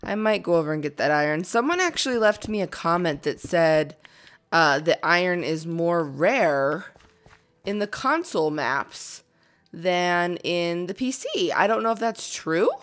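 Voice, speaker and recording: A young woman casually commenting on her own gameplay, chatty and excitable, chattering to herself and to the game animals. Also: fairly low pitch, measured pace. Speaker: gaming video host.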